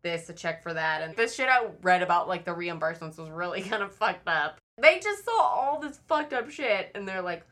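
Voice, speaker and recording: A woman's voice: medium pitch, big pitch swings, brisk, few pauses, fairly bright tone. A woman casually telling a true crime story on a podcast, chatty, swearing often and saying "like" a lot.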